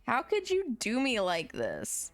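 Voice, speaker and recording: A woman streamer chatting casually while drawing, rambling and swearing freely, her voice jumping up in pitch now and then. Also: huge pitch swings, takes it slowly, faint music behind.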